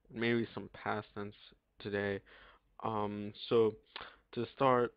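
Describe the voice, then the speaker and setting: A young man giving a casual language lesson, pausing often with ums as he works through it, recorded on a computer mic with typing and clicks behind him. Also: lowish voice, clear, resonant tone, no room sound. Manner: halting, many ums and pauses. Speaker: teacher. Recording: dull lo-fi dry recording.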